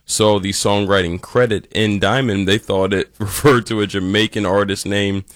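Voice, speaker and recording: Low-voiced man explaining music history. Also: steady tone, dry recording, studio quality. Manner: informative, storytelling, measured. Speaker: radio show host.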